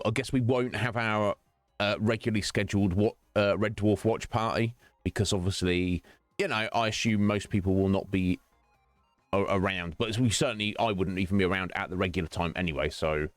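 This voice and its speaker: A man's voice: lowish voice, no echo. A male streamer chatting casually with viewers during a game stream, rambling and teasing, laughing often.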